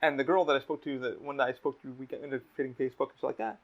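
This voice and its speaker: Gravelly, candid man hosting a podcast. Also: mid-range voice, fairly even intonation, racing. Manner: candid, swears a lot, rambling. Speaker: podcast host. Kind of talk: casual chat. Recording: dull lo-fi audio.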